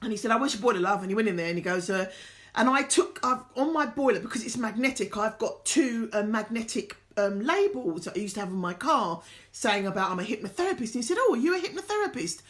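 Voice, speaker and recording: A woman hosting a live-streamed show, telling stories full of quoted dialogue in an excitable, animated way. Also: a little high, fast talker. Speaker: show host. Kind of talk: casual storytelling to a live-stream audience.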